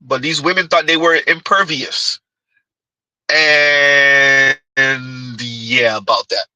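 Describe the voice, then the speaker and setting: A man's voice: medium pitch, a little slow, sharp tone, no echo, lo-fi sound. A man hosting a reaction commentary, talking rhetorically and often asking his audience "huh?". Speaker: commentary channel host.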